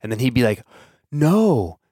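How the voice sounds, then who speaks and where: A man's voice: medium pitch, animated, brisk, dry recording, studio quality. A man in his thirties hosting a solo podcast, talking casually and thinking aloud with fillers and restarts. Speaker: podcast host.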